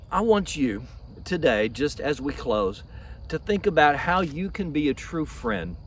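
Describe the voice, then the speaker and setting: A man, a pastor telling a Bible story in a lively way outdoors in a field. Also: on the high side, recorded from a distance, slight background noise. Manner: lively storytelling with repeated restarts.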